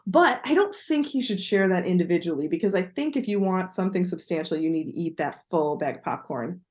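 A woman's voice: on the low side, lively intonation, a little fast, a little mellow. A woman co-hosting a podcast in casual chat, talking in a chatty, digressive way and laughing easily. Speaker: podcast co-host.

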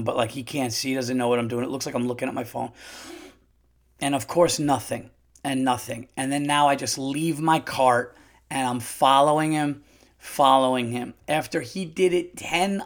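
A middle-aged man hosting a solo podcast, telling a story in an animated way, swearing freely and laughing as he goes. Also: a little high. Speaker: podcast host.

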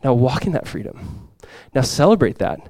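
A male pastor preaching a sermon to his congregation, swinging from loud, impassioned lines to quiet, soft ones. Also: medium pitch, big pitch swings, moderate pace, no room sound. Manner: impassioned preaching, swells loud for quoted cries then drops soft. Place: church sanctuary before a congregation.

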